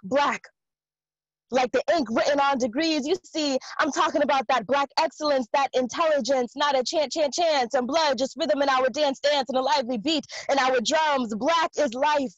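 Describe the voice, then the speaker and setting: A woman recites spoken word poetry in a high voice, hitting short lines with rhythmic emphasis. The audio is dull and dry, like a video call with no room sound at all. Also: normal speed, no room sound.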